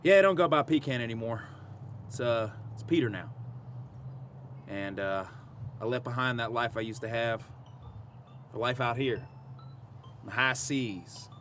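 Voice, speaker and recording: An actor playing a washed-up former musician who rambles and gets emotional. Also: male voice, mid-range voice, unhurried, pauses often, fairly bright tone, slight background noise, natural voice.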